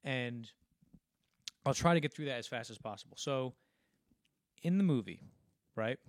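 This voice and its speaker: A man's voice: mid-range voice, lively intonation, normal speed, no echo, studio quality. A young man co-hosting a casual film podcast, animatedly retelling scenes in a rambling way full of restarts. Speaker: podcast co-host.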